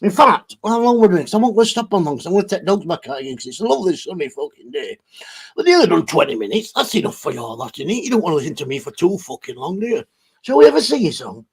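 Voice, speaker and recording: A man chats his way through a livestream, reading viewer comments and going off on blunt, profane tangents. His voice sits high for a man and has a husky edge. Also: very animated, racing. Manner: rambling, heavy swearing, blunt. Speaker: livestream host.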